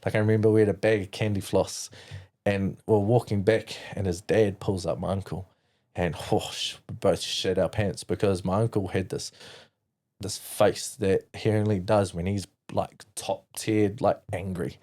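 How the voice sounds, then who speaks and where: A man's voice: low-pitched, flat delivery, moderate pace, warm tone. A man from New Zealand as a podcast guest, telling his own story candidly, rambling with many "like" fillers and blunt swearing.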